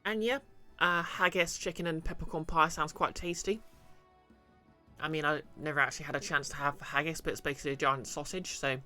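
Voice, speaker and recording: Bright-voiced man streaming a game. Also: a little high, fairly even intonation, a little fast, faint music behind. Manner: chatty, wry, reads chat aloud. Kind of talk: casual game stream commentary.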